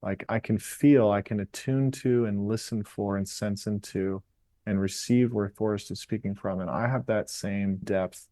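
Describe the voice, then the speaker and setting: A man as a podcast guest, calmly and reflectively explaining ideas in an interview. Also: fairly low pitch, no echo. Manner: calm, explanatory, unhurried. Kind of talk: reflective interview talk on meditation.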